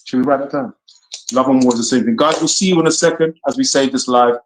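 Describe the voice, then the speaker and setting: A man's voice: mid-range voice, fast talker, slight background noise. A playful man in his forties with a South London accent, co-hosting a live chat and calling out to viewers by name. His voice sits in an ordinary middle range for a man. The room around him is echoey. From England. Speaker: co-host. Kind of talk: casual chat on a live stream.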